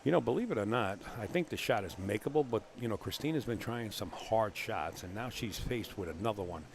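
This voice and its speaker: A man with a Bronx New York accent and a fairly low, animated, brisk voice does live play-by-play for a billiards match, weaving in jokes and teasing banter. He works alone in a small commentary room.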